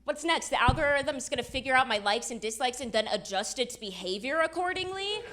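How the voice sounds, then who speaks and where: A young woman performing a self-deprecating stand-up comedy set on stage, with quick asides to the crowd. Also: high voice, animated, fairly bright tone. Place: comedy stage with live audience. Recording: live show with clear background noise.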